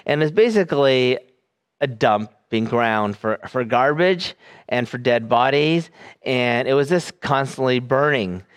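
A man preaching a sermon in a smooth, resonant voice of ordinary pitch. He speaks earnestly and deliberately, slowing on key phrases, with frequent fillers and restarts. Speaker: pastor.

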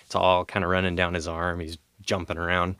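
A man's voice: low voice, completely flat delivery, a little fast, sharp tone, clean tone, no echo. A man telling a personal story in a rambling, self-amused way, often laughing as he goes. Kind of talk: casual storytelling.

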